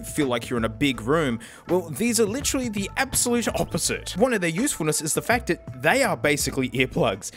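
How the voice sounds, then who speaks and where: An Australian man reviewing in-ear monitors in a casual, jokey vlog, full of slang and sudden swings in pitch. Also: fairly bright tone. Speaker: tech reviewer.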